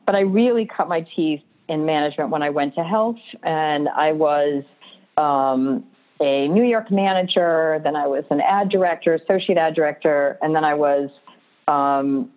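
A woman talks through her working life in relaxed conversation, telling stories with lots of energy and quick laughs. Her voice sits a little low, and the sound comes through thin and phone-like. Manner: animated storyteller, laughs often. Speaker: guest. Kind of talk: casual interview chat. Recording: tinny phone-like line.

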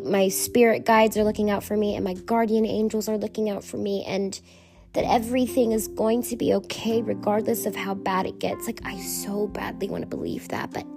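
A woman's voice: medium pitch, creaky. A woman hosting her own podcast, talking openly and emotionally in a rambling, repetitive way. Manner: candid, emotional, rambling with repeated phrases. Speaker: podcast host. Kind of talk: confessional solo podcast.

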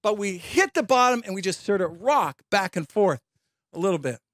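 Male pastor, high-pitched and animated, telling a story in a sermon, dry close sound. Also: normal speed, no room sound. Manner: animated, laughing storyteller acting out voices.

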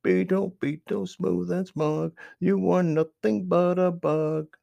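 A man's voice: on the high side, big pitch swings, measured pace, darkish tone, no room sound, dull audio, pitched above the performer's own voice, exaggerated voice. A man voicing a cheerful, cheeky young male skunk in a storybook reading, with bouncy sing-song rhymes and eager polite excuses.

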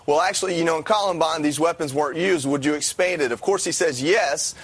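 A man's voice: fairly high pitch, fast talker, slightly rough, no room sound. A man co-hosting a podcast, delivering pointed, emphatic opinion commentary. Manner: pointed and emphatic, with blunt verdicts.

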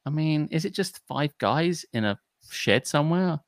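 Animated ranting man. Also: a little high, normal speed, no echo, clean studio sound. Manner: animated, swearing, mock-outraged. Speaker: podcast co-host. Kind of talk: casual ranting chat.

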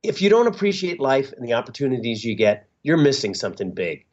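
A middle-aged man, a musician being interviewed, talking in a halting, reflective way with many fillers and restarts. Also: mid-range voice, sing-song, darkish tone. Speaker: musician guest. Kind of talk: casual interview talk. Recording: dull lo-fi sound.

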